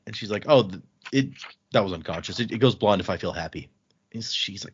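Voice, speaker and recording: A man with a medium-pitched, somewhat bright voice hosts a book podcast at a moderate pace in lo-fi sound. Recapping the book in casual chat, he retells scenes and acts out the dialogue in shifting voices.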